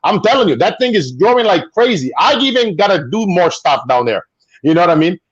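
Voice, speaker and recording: Brazilian-accented man, casual guest, animated storyteller, high bouncy voice, dry slightly dull sound. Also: fairly quick, slightly rough, dry recording. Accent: Brazilian Portuguese. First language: Portuguese. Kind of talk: casual chat on a video call.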